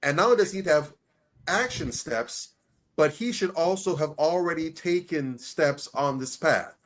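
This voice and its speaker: A fairly high-voiced man hosts a casual podcast with a preachy, emphatic delivery. He poses rhetorical questions and answers them himself, leaning hard on key phrases. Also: a little slow. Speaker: podcast host.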